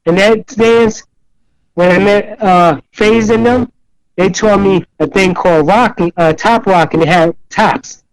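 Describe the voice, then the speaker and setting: High-voiced older New man telling stories. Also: no room sound, poor audio. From New York City. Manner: rambling, animated storyteller who acts out other voices in quotes. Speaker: interview guest. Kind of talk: storytelling in casual interview.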